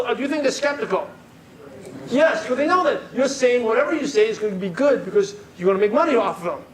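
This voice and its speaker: Male sales trainer, high voice, quizzes a live room, faint hum behind. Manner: asks the audience questions and repeats their answers. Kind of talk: live workshop lecture. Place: meeting room with a live audience.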